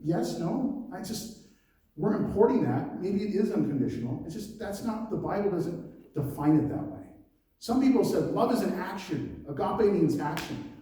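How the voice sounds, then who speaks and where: A man's voice: high-pitched, lively intonation, normal speed, mellow. A man preaching a conversational sermon as pastor, mixing scripture reading with laughs and personal asides. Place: church hall. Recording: very echoey church hall, mic at a distance.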